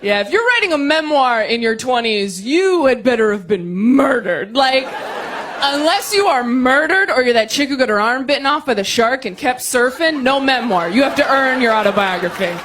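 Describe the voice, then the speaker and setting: A woman's voice: high voice, expressive, moderate pace. A woman in her twenties doing a stand-up routine. She is sarcastic and acts out both sides of conversations. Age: 20s. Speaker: stand-up comedian. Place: stage in a large comedy venue. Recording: live hall reverb with audience noise.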